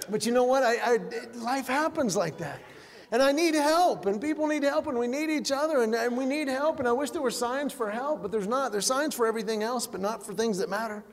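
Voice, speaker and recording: Male stand-up comic, high voice, animated storytelling, long hall reverb, faint noise. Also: fairly quick. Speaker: stand-up comedian.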